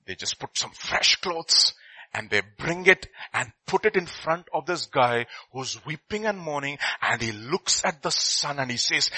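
Animated man telling a sermon story. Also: on the high side, a little slow, slightly rough, no room sound, poor audio. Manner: animated, swings between loud and hushed.

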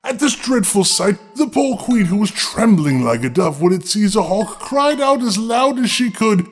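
A man's voice: high voice, big pitch swings, normal speed, soft background music. A man reading a fairy tale aloud as host, breaking in with sarcastic comic asides. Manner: sarcastic, joking interruptions. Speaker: storyteller host.

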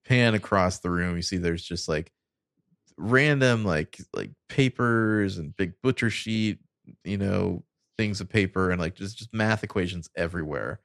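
A man co-hosting a podcast in casual chat, recapping scenes in a loose, relaxed way with wry asides. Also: sits low, unhurried, creaky, dry recording, clean studio sound. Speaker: podcast co-host.

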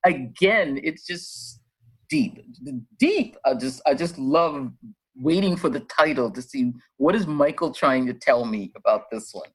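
A woman in casual chat who laughs often and talks in a lively, playful way. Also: rumbling low, unhurried, slightly rough.

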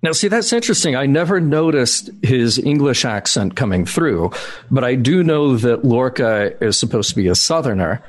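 A man's voice: mid-range voice, big pitch swings, moderate pace, no echo. A man from the Southern US co-hosting a live show, easygoing and chatty. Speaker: podcast co-host. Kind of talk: casual live-show chat.

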